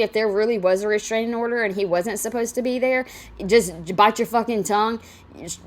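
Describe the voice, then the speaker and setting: Exasperated, profane woman ranting. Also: on the high side. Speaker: commentator reacting to a video. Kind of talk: casual reaction commentary.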